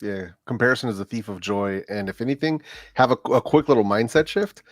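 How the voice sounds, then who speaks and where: A man's voice: mid-range voice, animated, fairly quick, no room sound, studio quality. A man co-hosting a live stream, offering encouraging advice. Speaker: co-host giving channel advice.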